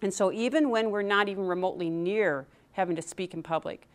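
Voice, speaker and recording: A woman's voice: medium pitch, a little fast. A middle-aged woman giving a motivational talk on public speaking to a live audience, quizzing the room and acting out nervous inner voices. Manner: animated, asks the audience questions, acts out nervous inner voices.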